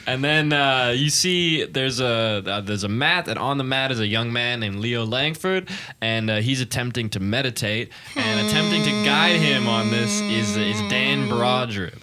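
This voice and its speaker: A young man narrating as game master of a tabletop game, halting and rambling as he describes the scene. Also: mid-range voice, expressive, bright, forceful tone, soft background music. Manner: rambling, halting, laughs a lot.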